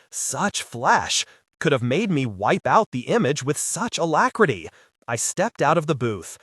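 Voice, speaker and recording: A man narrating a hardboiled sci-fi audiobook in the first person, wisecracking and expressive. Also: fairly high pitch, no echo, clean studio sound.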